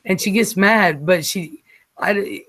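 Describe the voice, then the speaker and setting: A man hosting a late-night casual chat show, rambling and halting with fillers as he talks. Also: sits high, fairly bright tone. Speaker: show host.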